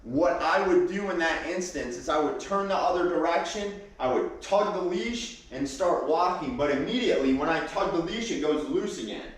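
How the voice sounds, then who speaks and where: A man working as a dog trainer, explaining and demonstrating leash work and commands in a calm, instructive way, with many fillers and restarts. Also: on the high side, moderate pace, few pauses. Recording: very echoey room, mic far off.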